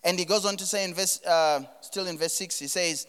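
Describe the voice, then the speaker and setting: Bright-voiced preaching man in a hall. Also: high voice, fairly even intonation, fairly quick, clear, resonant tone. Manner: preaching with rising emphasis and repeated words. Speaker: pastor. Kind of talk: sermon.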